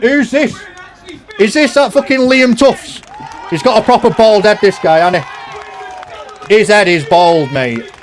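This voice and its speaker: A man's voice: sits high, measured pace, some chatter behind. A young man live-streaming from home, chatting loosely and reading out viewer comments. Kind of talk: casual live-stream chat.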